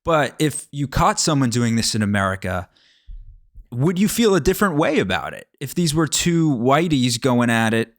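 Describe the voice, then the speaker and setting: A young man tells loose, rambling stories as the host of a casual solo talk show, stopping often to ask the listener how it makes them feel. His voice sits at an ordinary middle pitch and is recorded close and dry, with no room sound. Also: sing-song, normal speed, fairly bright tone, no room sound. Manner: rambling, asks the listener rhetorical questions. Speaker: podcast host. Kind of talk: casual storytelling monologue.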